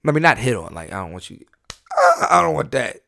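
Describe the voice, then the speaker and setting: A man hosting a solo podcast in casual, profane talk, animated, often restarting and repeating words as he rants. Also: mid-range voice, brisk, vocal fry, no echo. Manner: animated, repetitive restarts, profane, laughs at himself. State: high on an edible. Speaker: podcast host.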